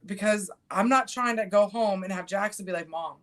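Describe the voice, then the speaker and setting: A woman's voice: mid-range voice, a little fast, a bit bright. Blunt, cussing middle-aged woman host. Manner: blunt, swears freely, acts out quotes. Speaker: podcast host. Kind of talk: casual chat.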